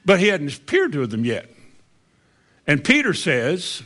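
Male pastor, sermon, folksy storytelling, fairly high voice. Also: wildly swooping pitch, a little slow, fairly bright tone.

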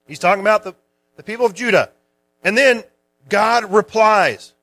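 A man's voice: high voice, animated, moderate pace, long pauses, sharp tone. A man preaching a sermon, explaining a Bible passage in a conversational teaching manner.

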